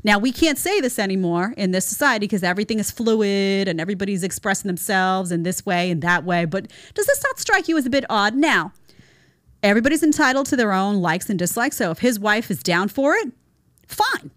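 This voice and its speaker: A woman hosts a reaction commentary show, her pitch swinging widely as she reacts with incredulity. She talks emphatically and sarcastically, calling her subjects "honey." Her voice sounds dry and close, with little room echo. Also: animated, a little fast, a bit bright. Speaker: show host.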